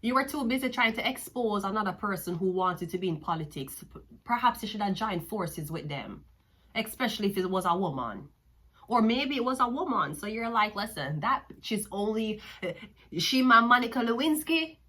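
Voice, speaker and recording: A woman with a Jamaican accent delivers a tarot reading in a bright, forceful voice. She talks in a profane, mocking, sassy way, taunting her listener between card pulls. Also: medium pitch, expressive, a little fast.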